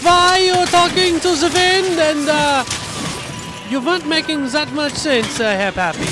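A man's voice: extremely high pitch, measured pace, loud music behind the voice. A man voicing a puzzled male cat companion who tacks meow onto his lines. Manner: tacks on meow, Germanic titles.

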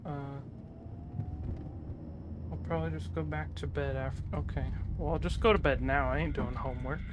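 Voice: medium pitch, fairly even intonation, moderate pace, background noise. A gaming channel host talking through a horror game playthrough, chattering nervously and breaking into panicked yelps.

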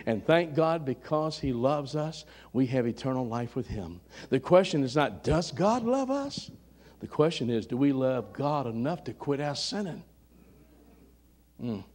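A man's voice: mid-range voice, a little mellow. A man preaching a sermon in a church, fervent and calling out members of the congregation by name. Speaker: pastor. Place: church sanctuary.

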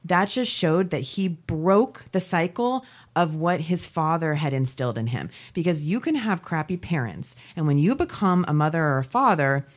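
Low-voiced woman chatting on a podcast. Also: expressive, normal speed. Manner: chatty and emotional, acts out quotes. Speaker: podcast co-host. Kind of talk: casual chat.

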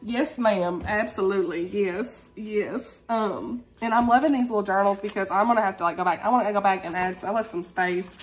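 A woman's voice: medium pitch, fairly even intonation, moderate pace, few pauses. A woman talking casually to her camera at home in a reading vlog, heartfelt and chatty, calling listeners "y'all" and "honey". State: tearful, emotional. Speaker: book vlogger.

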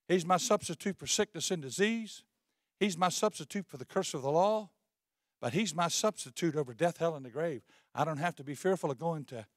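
A pastor delivering an Easter sermon in call-and-response style, reading scripture slowly and swinging between loud exhortation and quiet asides. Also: male voice, sits high, no room sound, clean studio sound. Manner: call-and-response preaching, leads the congregation in repeating phrases; reads scripture slowly with emphasis. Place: church sanctuary.

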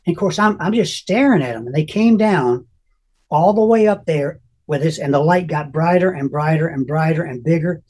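An older man telling an emotional personal testimony as an interview guest, earnest and halting, often restarting his sentences. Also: fairly high pitch, a little mellow.

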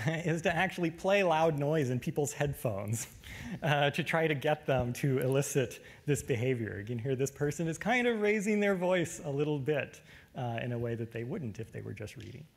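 A man giving a technical lecture, relaxed, with frequent fillers. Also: on the high side, normal speed.

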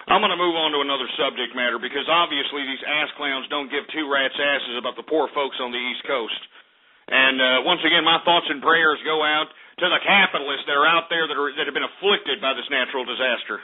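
A man's voice: medium pitch, fairly quick. A man hosting a call-in radio talk show, ranting and swearing in exasperation. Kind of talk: angry call-in show rant. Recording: tinny phone-quality internet radio with music.

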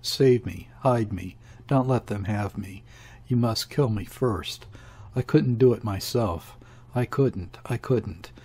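A man's voice: on the low side, slow pace, darkish tone, breathy edge, exaggerated voice. A man reading aloud, voicing a frightened, desperate woman who pleads in a trembling, breathless voice. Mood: pleading.

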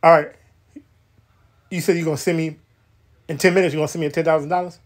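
A man's voice: a little high, flat delivery, fast talker. A man acting out a comedy skit in a loose, slangy way, repeating his words as he goes. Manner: repetitive, colloquial slang delivery.

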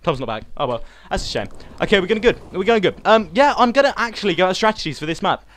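A young man hosting his own gaming channel, giving rambling, excitable live commentary while he plays and calls out to viewers and his teammate. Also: sits high, quick pace. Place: home.

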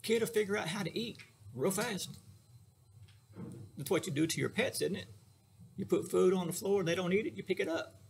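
A man's voice: high voice, moderate pace, gravelly, pauses often, a little mellow, slight background noise. A middle-aged man, a therapist, giving a casual lecture in a folksy, joking way, speaking straight to his listeners.

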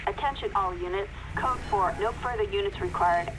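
A calm, businesslike police dispatcher, voiced by a woman calls out short radio messages to all units. The voice comes through a noisy game radio channel. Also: medium pitch, normal speed, lightly acted. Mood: flat.

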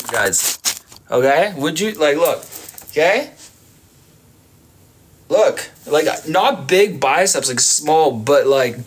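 A man's voice: a little high, expressive, takes it slowly, pauses often, slight background noise. A man in his thirties with an Australian accent, chatting casually and teasing his viewers as he reads their messages on a late-night livestream. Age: 30s. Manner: playful, teasing, reads chat aloud.

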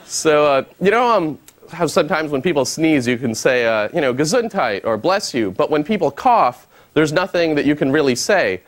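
A man doing a stand-up set on a studio stage, deadpan and halting, with many pauses and fillers. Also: fairly high pitch, a little hiss or hum. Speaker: stand-up comedian. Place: studio stage before an audience.

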